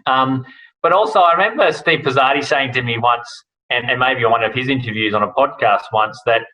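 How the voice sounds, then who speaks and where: This Australian rally broadcast host, a guest on a laid-back podcast interview, has a brisk, bright, forceful mid-range voice captured in lo-fi sound. His casual talk wanders, packed with filler words and false starts.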